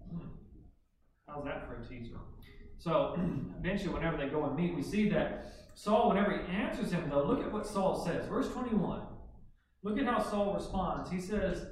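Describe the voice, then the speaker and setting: Man preacher, fairly high voice, booming hall echo, mic set back, rhetorical sermon delivery. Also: expressive, measured pace, long pauses, slight background noise. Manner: preaching with rhetorical questions, rising to emphatic peaks. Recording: very echoey room, voice from a distance.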